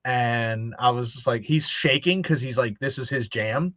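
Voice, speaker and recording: A man's voice: medium pitch, a little slow, a bit bright, no room sound. A man hosting a casual chat, telling stories animatedly and acting out quoted voices, with frequent laughs. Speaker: host. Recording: dull lo-fi dry sound.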